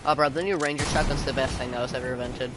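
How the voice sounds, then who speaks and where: A man's voice: mid-range voice, rapid-fire. A young man chatting casually while streaming a game, rambling and calling everyone bro. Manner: rambling, excitable, says bro a lot. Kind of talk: casual gaming chat. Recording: noisy game stream audio.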